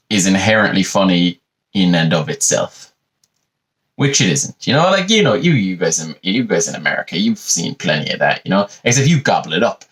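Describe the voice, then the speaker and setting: A young Irish man hosts a solo comedy podcast from his bedroom at home, his voice sitting on the low side with a slightly bright edge. He rambles sardonically, constantly dropping "you know" asides.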